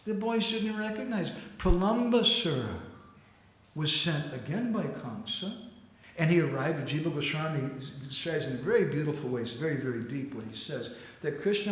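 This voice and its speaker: A man giving a storytelling sermon in a temple hall, animated, acting out quotes and laughing often. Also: fairly high pitch, moderate pace. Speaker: spiritual teacher giving a class.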